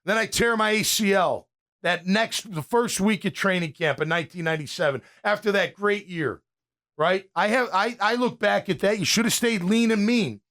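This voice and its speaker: A man in his fifties with a high voice hosts a casual sports talk show. He rants in a fired-up way, often starting his sentences over as he goes. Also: normal speed, fairly bright tone. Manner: fired-up, ranting, with frequent restarts. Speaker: podcast host and former pro linebacker.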